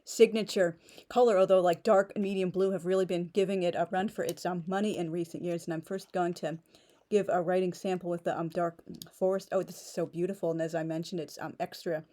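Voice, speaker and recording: Woman vlogger, slightly low voice; chatty, gushing, a bit nervous, lots of fillers. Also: steady tone, warm tone. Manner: talks fast, a little nervous on camera; gushing, enthusiastic. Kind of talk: casual unboxing vlog.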